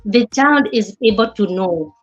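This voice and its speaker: A woman lectures a class on child development in a halting way, repeating words and restarting her sentences as she goes. The recording sounds a little dull and lo-fi. Faint music plays underneath. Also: mid-range voice, lively intonation. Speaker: teacher of early childhood development.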